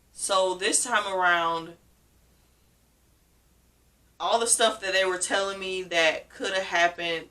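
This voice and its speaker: A young woman with a bright, clear voice tells a personal story to her vlog audience. She talks casually and with animation, laughing often and leaning on the word "literally". She sits a bit back from the microphone. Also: fairly low pitch. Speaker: vlogger. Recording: voice a bit far from the mic.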